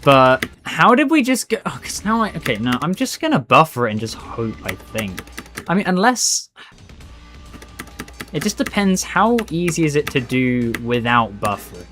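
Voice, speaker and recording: Lively chatty male game streamer. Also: mid-range voice, moderate pace, soft background music. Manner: chatty, rambling, says "bro" a lot. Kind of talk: live gameplay commentary.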